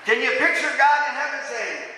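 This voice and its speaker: Male preacher, high bright voice, emphatic, questions the congregation, far mic in a reverberant hall. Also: lively intonation, fairly quick, slight background noise. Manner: emphatic, swings between loud exclamations and quiet asides. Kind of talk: sermon. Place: church hall. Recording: echoey hall, distant mic.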